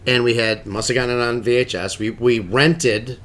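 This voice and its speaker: A man's voice: mid-range voice, moderate pace, crowd noise. A man co-hosting a podcast, telling funny stories in casual chat and laughing often. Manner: animated storyteller, laughs often. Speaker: podcast co-host.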